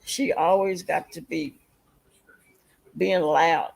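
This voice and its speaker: A woman hosts a casual livestream chat in an unhurried, gravelly voice. She rambles through her story at an easy pace and keeps stopping to greet her viewers. Her tone is a little husky. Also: low voice, fairly even intonation, a little mellow, poor audio. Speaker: livestream host.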